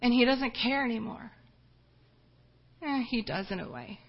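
A woman missionary giving an earnest, emotional personal testimony, often halting and restarting as she speaks. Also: fairly high pitch, animated, highs cut off.

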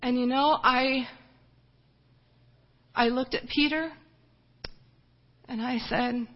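A woman missionary giving an earnest, emotional personal testimony, often halting and restarting as she speaks. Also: sits high, steady tone, muffled recording.

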